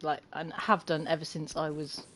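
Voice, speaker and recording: Excitable British woman streaming a game. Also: sits low, moderate pace. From United Kingdom. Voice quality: excitable, laughs often, chatty with chat. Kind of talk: casual gameplay commentary. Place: home, with a cat climbing on her.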